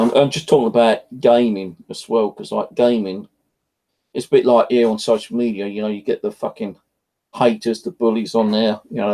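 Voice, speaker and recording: Frustrated man, gravelly and dark-toned, casual home vlog rant with lots of swearing. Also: lowish voice, rough recording. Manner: rambling, frustrated, swears often. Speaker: vlogger. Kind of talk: casual evening chat to camera. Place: at home, indoors.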